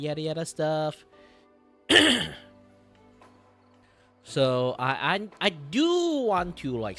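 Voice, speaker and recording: A man streaming while he draws, talking in a rambling, animated way, swearing, laughing and breaking into loud outbursts. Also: mid-range voice. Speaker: streamer and artist. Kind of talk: casual live-stream chat while drawing.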